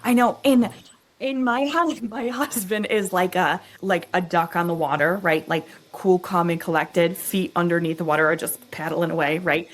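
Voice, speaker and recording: A young adult woman, a guest expert, explaining stress in an animated, teaching way and often checking in with "right?" and "okay?". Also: lowish voice, normal speed. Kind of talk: explanatory interview talk.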